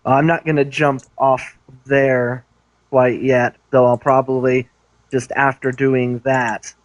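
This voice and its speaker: A man's voice: medium pitch, flat delivery, slow pace, dry recording. A man playing a tabletop game, asking questions hesitantly between his moves. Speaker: player.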